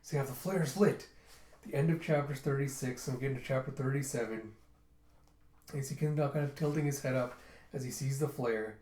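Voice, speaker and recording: A man casually retelling a manga chapter for his readers, slipping into quick voices for the characters. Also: mid-range voice, a little mellow, roomy sound. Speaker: manga reviewer reading aloud.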